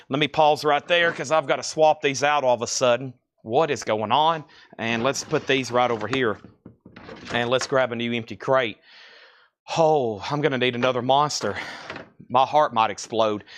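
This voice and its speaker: A man hosting a live vinyl record sale, running an excitable commentary and talking to himself as he sorts and sells. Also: mid-range voice, dry recording, studio quality.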